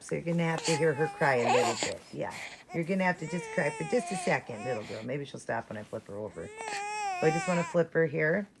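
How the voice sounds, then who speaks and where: A woman vlogger tending reborn dolls, cooing and soothing them in casual mother talk while explaining to viewers. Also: a bass voice. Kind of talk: casual show-and-tell vlog. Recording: loud background crying noise. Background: recorded baby crying.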